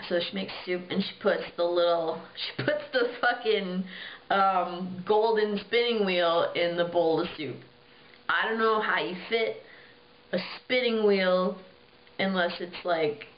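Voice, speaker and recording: A woman's voice: on the low side, measured pace, slight background noise. A young woman casually retelling a fairy tale, chatty and irreverent, swearing and using many fillers. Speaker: storyteller. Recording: roomy, dull lo-fi home recording.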